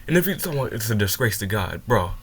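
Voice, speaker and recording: A man's voice: on the low side, big pitch swings, rapid-fire, a bit bright, a little hiss or hum. A young man reacting to a clip, heated and swearing, stumbling over his words and sounding upset after crying. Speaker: reaction video host. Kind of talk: reaction commentary.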